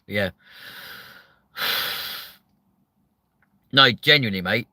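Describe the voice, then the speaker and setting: A man, hosting a live chat show with loud, sweary, joking banter. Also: on the low side, animated, drawn-out words, no echo. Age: 30s.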